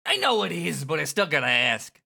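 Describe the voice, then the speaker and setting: Speaker doing a brash, raised-voice henchman, bright and gravelly. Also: medium pitch, big pitch swings, a little fast, voice pushed up, full character voice. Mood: cocky. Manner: brash, loud, casual slang. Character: swaggering male enforcer, cocky.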